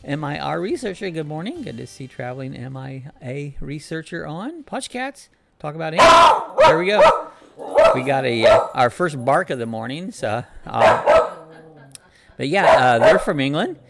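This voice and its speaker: A man's voice: a little high, big pitch swings, normal speed, gravelly, very noisy. A man hosting a casual live-stream chat from his home, rambling along and reading out viewer comments and greetings.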